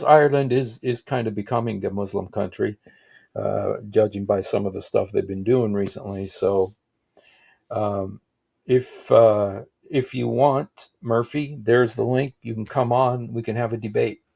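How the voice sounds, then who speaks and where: A man's voice: fairly low pitch, steady tone, a little slow, vocal fry, a little mellow, slightly rough. A man hosting a livestream, giving rambling, casual reaction commentary with frequent exclaimed asides. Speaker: livestream host.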